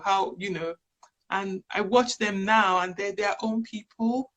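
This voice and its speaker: Woman, fifties, interview guest, earnest, wandering storyteller, mid-pitched voice. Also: steady tone, measured pace, a crowd in the background. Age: 50s. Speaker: interview guest, charity chief executive. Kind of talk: conversational interview.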